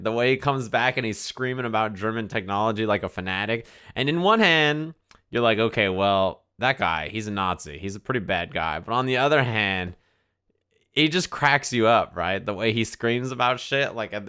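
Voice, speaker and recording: A young man chatting on his stream with a smooth, resonant voice that sits a little low. He swears freely and keeps jumping into loud, animated impressions. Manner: excited, profane, jumps into animated impressions. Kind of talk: casual chat.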